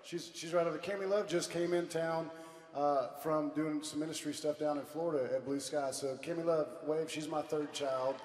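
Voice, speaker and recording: A middle-aged man leads loud, playful stage banter as a band frontman, hoarse from losing his voice. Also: on the high side, fairly even intonation, normal speed, slight background noise. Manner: loud, playful crowd hype. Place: large outdoor stadium stage. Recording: echoey live arena with crowd.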